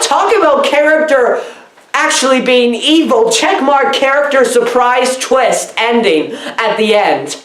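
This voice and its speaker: A woman's voice: sits high, lively intonation, unhurried, reverberant. A woman doing an absurd comedy film review, rambling and giggling, her voice swooping up and down erratically.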